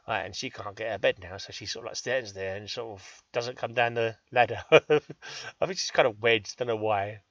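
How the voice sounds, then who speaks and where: A chatty English man with a bright, forceful voice gives rambling commentary on his own gameplay, cheeky and self-deprecating. The sound is close and dry, a little dull and lo-fi. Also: on the low side, fairly quick, no echo. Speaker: gaming channel host.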